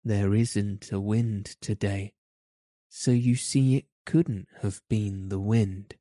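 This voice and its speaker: A man's voice: on the low side, steady tone, slow, mellow, dry recording, studio quality. A man voicing a sheltered, curious young girl with prim, proper speech. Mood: earnest.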